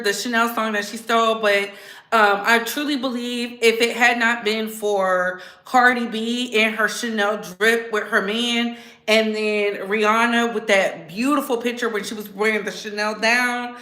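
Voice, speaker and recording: Female commentary streamer, emphatic and repetitive, bright edgy tone. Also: fairly high pitch, echoey room. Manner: animated, repeats phrases for emphasis. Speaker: commentary vlogger, channel host.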